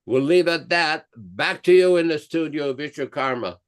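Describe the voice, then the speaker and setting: A man's voice: on the high side, lively intonation, moderate pace, clear, resonant tone. A man in his seventies, a guest speaker telling a story in a devotional class in plain, emphatic sentences.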